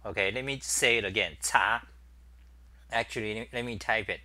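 A man's voice: on the low side, quick pace, bright, forceful tone. A middle-aged man hosting a casual live-stream chat, rambling and thinking aloud with many fillers while he types at his desk. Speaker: talk show host.

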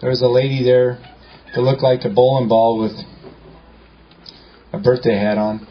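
A man's voice: mid-range voice, steady tone, normal speed, lo-fi sound. A man telling a story to a live group in a joking, colloquial way, acting out the dialogue. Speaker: speaker at a meeting.

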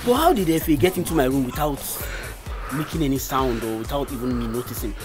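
A man's voice: mid-range voice, expressive, brisk, darkish tone, soft background music, close to an everyday voice. An actor playing a bashful young man in a film comedy. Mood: sheepish.

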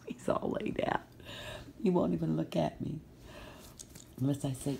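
Deep gravelly lady talking slow to her dog in a home video, playful and coaxing. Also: dark tone, slight background noise. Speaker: pet rescue vlogger.

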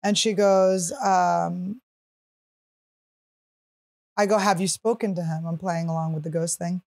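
A woman in her thirties hosting a podcast, telling a comic story in a casual, animated way and acting out what other people said. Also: fairly low pitch, unhurried. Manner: animated, acts out others' quotes, shrieks while teasing. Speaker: podcast host.

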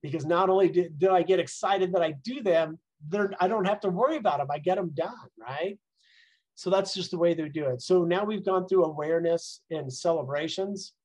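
Husky-voiced middle-aged male coach. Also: high-pitched, moderate pace, darkish tone, low-quality recording. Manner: conversational, rambling, frequent "right?" and "like". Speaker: success mindset coach hosting a talk. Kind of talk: casual live coaching talk. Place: at home.

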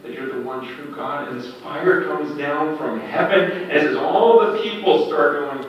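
A man preaching at a prayer breakfast, telling stories with animated delivery that swings between loud and hushed. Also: fairly high pitch, measured pace. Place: large hall. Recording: echoey hall, distant dull mic.

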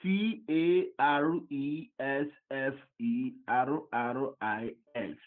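A man from Africa on a phone call, slowly spelling out an email letter by letter. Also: mid-range voice. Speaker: phone caller. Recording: tinny phone line.

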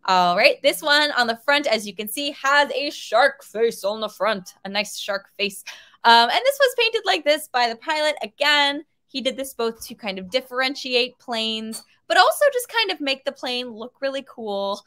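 A woman museum educator giving a friendly, lively virtual lesson that asks questions of young viewers. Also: high-pitched, normal speed.

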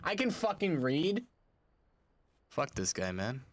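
A man streaming a video game, talking casually in an excitable, profane way. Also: on the high side, noisy background. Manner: excitable and profane, quick to swear. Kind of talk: casual gaming commentary.

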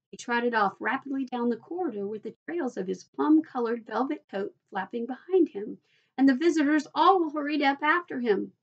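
A woman teacher reading a children's chapter book aloud in a steady storytelling voice. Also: high-pitched, moderate pace, highs cut off.

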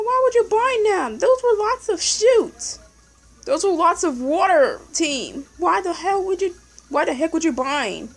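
A young woman commentating her puzzle game casually, excitable, yelling at the game and repeating "no" over and over. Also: very high voice, rough recording. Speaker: gameplay commentator.

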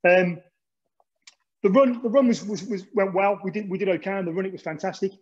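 Man, from England, informal presentation, slightly high voice, halting restarts, dull lo-fi audio. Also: a little mellow. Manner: rambling, many restarts and ums. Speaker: speaker recounting an endurance relay. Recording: dull lo-fi recording.

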